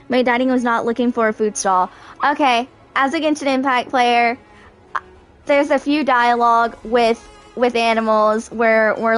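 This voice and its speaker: A woman's voice: a little high, steady tone, moderate pace, faint music behind. A woman playing a video game and chatting casually, thinking aloud with lots of fillers. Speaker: game streamer. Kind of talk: casual gameplay commentary.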